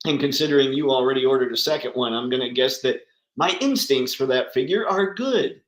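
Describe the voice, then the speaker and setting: A man's voice: mid-range voice, expressive, a little fast, fairly bright tone, reverberant, poor audio. A man hosting a casual livestream chat, talking enthusiastically and answering viewers by name. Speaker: livestream host.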